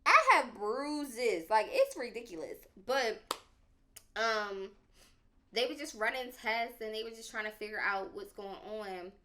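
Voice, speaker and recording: Speaking unhurriedly at a medium pitch, a young adult woman shares a personal story on a podcast. She's casual and slangy, animated and dramatic, and leans heavily on "like".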